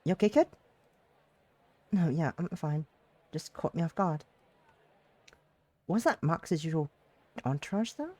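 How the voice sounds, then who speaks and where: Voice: mid-range voice, animated, unhurried, pauses often, darkish tone, no echo. Teary streamer reading game dialogue aloud. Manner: emotional, tearful reactions and swearing outbursts.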